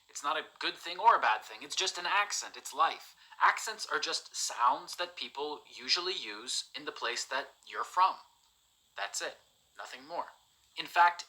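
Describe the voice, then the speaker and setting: A man gives an English lesson in an emphatic, direct way, pressing the same point again and again. His voice is very bright and sits a little high for a man. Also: poor audio. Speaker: English teacher. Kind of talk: motivational teaching monologue.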